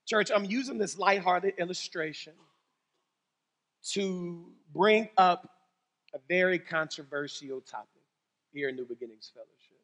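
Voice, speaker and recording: A man preaching a sermon as pastor, telling stories animatedly, swinging between loud exclamations and low serious tones. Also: a little slow, pauses often, big-room sound. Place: church sanctuary.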